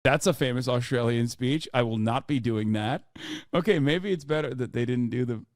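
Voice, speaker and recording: A man streaming his reactions to a reality show, loud and jokey, swearing freely and putting on mock outrage. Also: mid-range voice, moderate pace, no room sound, clean studio sound. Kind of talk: casual reaction commentary.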